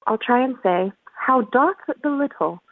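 A woman's voice: on the high side, animated, unhurried, dry recording, pitched above the performer's own voice. A woman voicing a puzzled, earnest little girl in a storybook reading, talking to herself in a wondering, fussy way. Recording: tinny phone-like line.

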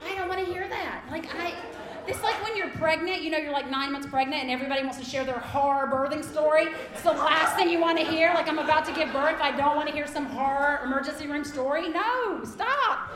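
High-voiced woman telling a funny story. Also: fast, a crowd in the background. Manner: animated, emphatic, laughs through lines. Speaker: kindergarten teacher telling a story. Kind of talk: live storytelling to an audience. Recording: echoey room.

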